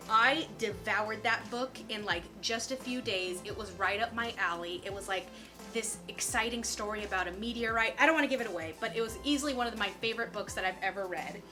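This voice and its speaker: A woman's voice: medium pitch, pushed and bright. A woman in her twenties chatting casually as a lifestyle vlogger, bubbly and full of "like". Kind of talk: casual chat.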